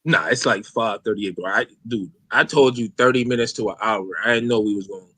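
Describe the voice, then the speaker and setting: A man's voice: fairly low pitch, brisk, pushed and bright, no room sound. A man hosting a casual podcast, talking loosely in slang with lots of fillers and swearing. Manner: loose, rambling, profane slang with many fillers. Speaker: podcast host.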